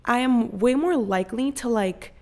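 Here a young woman's voice sits on the high side as she hosts a podcast at a moderate pace. She tells a story casually, swearing without restraint and imitating other people's voices in an animated way.

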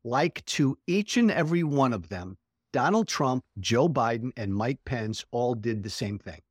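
A man's voice: mid-range voice, expressive, measured pace, no echo, clean studio sound. A man speaking as a guest in a casual political chat, blunt and profane, laughing often.

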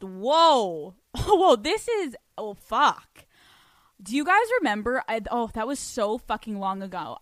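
A woman's voice: mid-range voice, dry recording, studio quality. A young adult woman hosting a podcast, chatting casually and bluntly with lots of swearing, telling stories and answering listener letters. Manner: blunt, profane, animated storytelling. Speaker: podcast host. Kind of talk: casual advice chat, reading listener letters.

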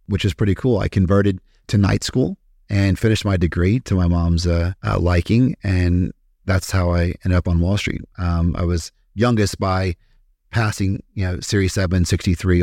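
A man's voice: low-pitched, fairly even intonation, measured pace, gravelly, darkish tone, no room sound, clean studio sound. A man from Kentucky with a Kentucky accent, a podcast guest telling his story in a candid, profane, casual way with many fillers.

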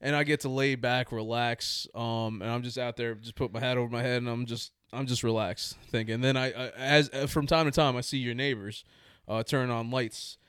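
A man's voice: mid-range voice, fairly even intonation, normal speed, few pauses, fairly bright tone, clear, resonant tone, dry recording. Rambling man telling a story, dry sound. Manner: rambling, self-mocking, laughs through his own story. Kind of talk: casual storytelling.

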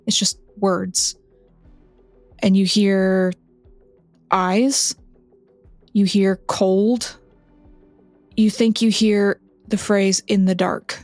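Slow, even-voiced woman game master. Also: mid-range voice, dry recording, faint music behind. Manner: measured, descriptive narration. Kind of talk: narrating a tabletop game.

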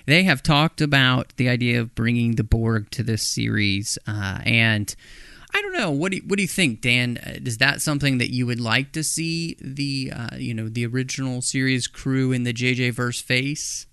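Bright, crisp-voiced male podcast co-host. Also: mid-range voice, animated, moderate pace, no echo, clean studio sound. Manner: jokey, chatty, tries silly impressions. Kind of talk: casual podcast discussion.

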